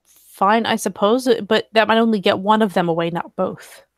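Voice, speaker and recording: A woman's voice: mid-range voice, normal speed, no echo. A woman with a mid-range voice explains her character's moves during a tabletop game session. The recording is dry and close, with no room sound. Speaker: player. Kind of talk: casual tabletop game chat.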